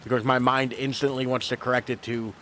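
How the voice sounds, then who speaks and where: A man's voice: medium pitch, flat delivery, a little fast, fairly bright tone, a little hiss or hum. A man streaming a video game, chatting casually to viewers, rambling and self-deprecating with casual swearing. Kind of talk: casual let's-play commentary.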